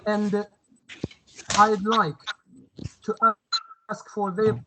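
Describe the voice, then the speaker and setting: Man, slow deliberate speech, bright forceful tone, video call. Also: high voice, little pitch movement, low-quality recording. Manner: measured, deliberate phrasing. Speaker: education expert on a panel. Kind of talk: formal remarks on a webinar.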